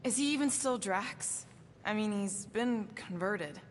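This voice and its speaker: A woman's voice: mid-range voice, expressive, unhurried, big-room sound, slight background noise, lightly acted. An actress voicing a wary, dry-witted female warrior in a video game, skeptical in tone.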